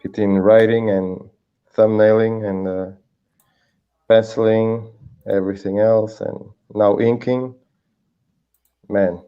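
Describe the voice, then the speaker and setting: A man chatting as a guest comic creator over a video call, halting with many fillers and restarts. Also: on the low side, little pitch movement, smooth, muffled recording. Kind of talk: casual video call chat. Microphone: video call headset.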